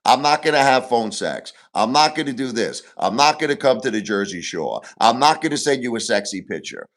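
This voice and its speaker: A livestream host in full rant, repeating himself as he vents his grievances. His voice swings widely in pitch, rising and dropping as he presses each point. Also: big pitch swings, a little fast. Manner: agitated, repetitive, venting grievances.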